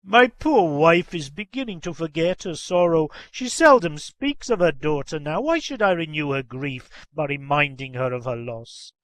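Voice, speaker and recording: A man reading as an old gentleman who speaks angrily and coldly, heavy with grief. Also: on the high side, lively intonation, normal speed, few pauses, no room sound. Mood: stern. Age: older. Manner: angry, then sorrowful and stiff. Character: stern, grieving old gentleman father.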